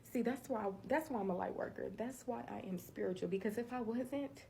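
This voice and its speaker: An earnest woman talks straight to her followers in a candid, conversational monologue that turns preachy at times. Her voice is gravelly and mellow, with a low, dark tone. A faint hiss of noise sits behind her. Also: a little fast. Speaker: social media creator.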